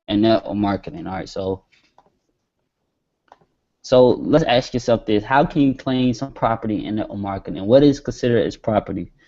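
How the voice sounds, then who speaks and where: A man hosting a marketing webinar, talking casually and slowly dictating words as he types. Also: fairly low pitch, warm tone. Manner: casual, talks while typing, stretches words as he dictates. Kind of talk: screen-share tutorial. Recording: dull lo-fi webinar audio.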